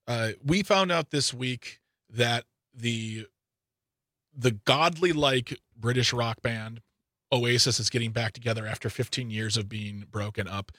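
A man hosting a radio show, chatting casually and playfully with a co-host, with lively swings in pitch. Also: no room sound, studio quality. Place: radio studio. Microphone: studio microphone.

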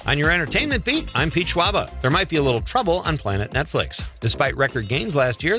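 Lively, bright male entertainment host. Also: mid-range voice, no echo, studio quality. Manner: lively, wry delivery. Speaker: entertainment reporter and radio host. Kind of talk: scripted entertainment news. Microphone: studio mic.

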